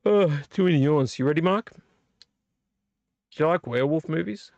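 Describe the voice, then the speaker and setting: A man's voice: fairly high pitch, moderate pace, gravelly, a little mellow, dry recording, muffled recording. A man hosting a late-night live video stream, rambling and teasing a viewer by name while a little tipsy from drinking. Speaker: vlog host.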